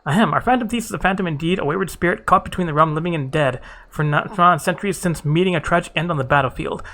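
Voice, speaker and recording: A man voicing a pompous, bumbling gentleman detective with grandiloquent, theatrical speech. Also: on the high side, fast.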